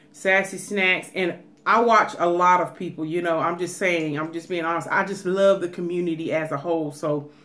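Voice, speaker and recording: A woman from Atlanta, chatting casually to her viewers in a mukbang vlog, animated and talkative, sometimes dropping to a whisper. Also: fairly low pitch. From Atlanta, USA. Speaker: mukbang vlogger.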